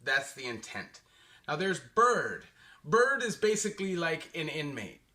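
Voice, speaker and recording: Young Canadian man, Canadian accent, bright slightly high voice, casual streetwise vlogger. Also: big pitch swings, a little slow. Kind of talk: casual explainer monologue.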